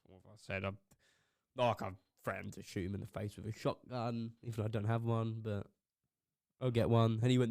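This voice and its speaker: Young bloke co-hosting a chat podcast: rambles through work gossip, swears freely, plays out both sides of conversations. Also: male voice, on the low side, fairly even intonation, brisk, creaky, dark tone, no room sound, studio quality. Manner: rambling anecdotes, swearing, acting out others' lines. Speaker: podcast co-host. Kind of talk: casual chat.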